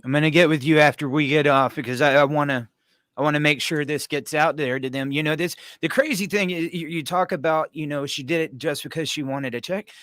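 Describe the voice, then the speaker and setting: A man's voice: fairly high pitch, fairly quick, a bit bright, no echo. A man hosting a live stream, speaking earnestly and directly to a guest and viewers. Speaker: host. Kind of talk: live stream talk show.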